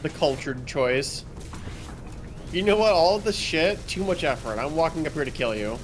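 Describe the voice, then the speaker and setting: A man's voice: fairly high pitch, expressive, moderate pace, noisy background. A man playing a co-op game, bantering casually with dry quips and easy agreement. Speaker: gamer playing co-op. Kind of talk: casual gaming chat.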